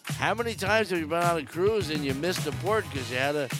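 A man's voice: fairly high pitch, a little fast, over music. A man giving casual, wry cruise news commentary from aboard a ship, joking sarcastically. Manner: chatty and wry, jokes sarcastically.

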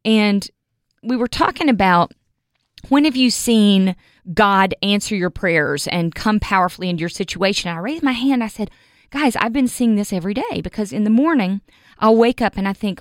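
A woman's voice: mid-range voice, lively intonation, moderate pace, no echo. Earnest woman telling a story, dry. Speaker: podcast co-host, radio morning show host. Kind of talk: casual faith chat, personal story.

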